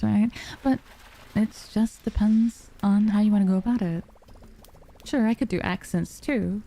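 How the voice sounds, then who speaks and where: Soft-spoken sleepy woman streamer. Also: medium pitch. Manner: soft, sleepy and calm, yawning. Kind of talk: relaxed live-stream chat. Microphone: dynamic studio mic.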